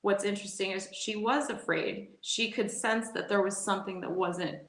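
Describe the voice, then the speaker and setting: Woman guest in her 40s, animated storyteller who laughs easily and restarts her sentences, recorded in a roomy, echoey space. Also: mid-range voice, normal speed. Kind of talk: casual storytelling interview. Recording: echoey room.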